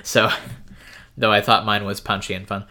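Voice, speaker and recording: A man's voice: lowish voice, level tone, moderate pace, sharp tone. A man co-hosting a podcast in casual chat, easygoing, laughing often and hesitating with ums. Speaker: podcast co-host.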